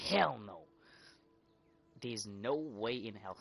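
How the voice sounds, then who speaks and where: A woman's voice: extremely low pitch, expressive, unhurried, long pauses, soft background music. A woman streaming a game, cracking profane jokes and ranting in mock outrage at the characters. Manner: profane, joking, mock-indignant; rambling with repeated words. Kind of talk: casual gaming commentary.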